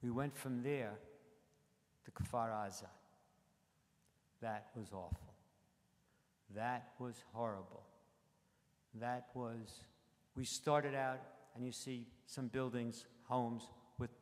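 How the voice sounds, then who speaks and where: A man's voice: mid-range voice, a little mellow. Older man speaking in a reverberant sanctuary. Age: 80s. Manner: plain, halting, conversational delivery. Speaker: congregant reporting on a trip. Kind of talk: personal storytelling address. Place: synagogue sanctuary. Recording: long reverb of a large sanctuary.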